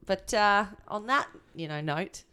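A woman's voice: medium pitch, lively intonation, unhurried, sharp tone, clear, resonant tone. A woman co-hosts a casual pop-culture podcast in a mid-range voice. She laughs often and trails off or corrects herself as she talks. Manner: chatty, laughs often, loses her thread. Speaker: podcast co-host. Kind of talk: casual chat.

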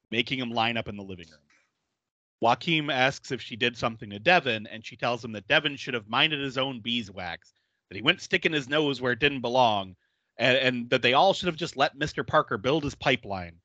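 A man's voice: medium pitch, pushed and bright, dry recording, muffled recording. A man hosting a podcast, recapping a movie in casual chat, laughing often and acting out the characters' lines. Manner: laughs often while retelling scenes; acts out quotes in exaggerated voices. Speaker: podcast host.

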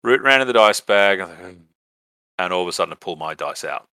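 A man's voice: low voice, animated, brisk, pushed and bright, smooth, no room sound. An Australian man hosting a podcast, telling a rambling story casually, with lots of fillers and swearing. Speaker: podcast host.

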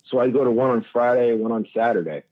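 A man's voice: mid-range voice, quick pace, phone-quality sound. A man phoning in to a casual chat, laid-back and hungover, swearing a lot and calling everyone dude. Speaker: phone-in guest.

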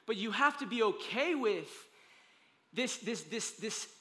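A man serves as pastor, delivering a sermon in a bright, high voice. He talks casually and emphatically, with slang and quick restarts. The sanctuary around him adds a long, ringing reverb. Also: lively intonation. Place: church sanctuary.

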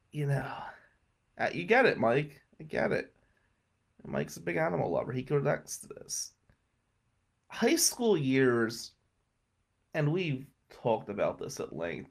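A middle-aged man with a voice pitched in a plain middle register tells a story in a relaxed, conversational way. He is blunt and swears easily, and he gets animated, pushing hard on big moments and dropping quiet for tender ones. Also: vocal fry. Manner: animated, emphatic, swings between loud and hushed. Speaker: podcast guest telling a life story. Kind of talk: casual storytelling.

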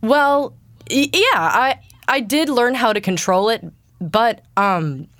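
A young woman voice actor with a naturally deep voice, a little congested from allergies, answering interview questions casually. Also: animated, a little slow, fairly bright tone, no room sound. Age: young adult. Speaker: guest voice actor.

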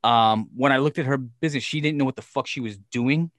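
A man tells a long story as an interview guest. He swears freely and acts out each exchange with lively energy. His voice sits at an ordinary pitch and sounds dry and close, with no room echo. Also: brisk. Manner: profane, animated storyteller who acts out quotes. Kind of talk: casual storytelling.

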